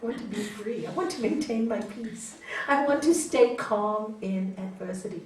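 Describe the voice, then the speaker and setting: In an echoey hall, heard from a distance over slight background noise, a woman with a slightly high voice speaks at normal speed. Her spiritual talk on raja yoga is animated storytelling, with acted-out quoted voices and frequent questioning "hmm?"s directed at the audience.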